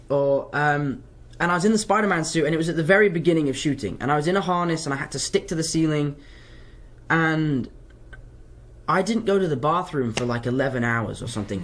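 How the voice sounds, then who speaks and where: A young man with an English accent, from London, answering fan questions in a casual live Q&A and rambling off track as he chats. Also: a little high. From London, England. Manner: rambling, chatty, wanders off track.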